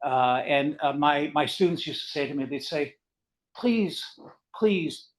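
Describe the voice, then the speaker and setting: An older man with a Canadian accent giving an academic seminar lecture in a fast, rambling, conversational way. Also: fairly high pitch, flat delivery, low-quality recording. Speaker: guest lecturer.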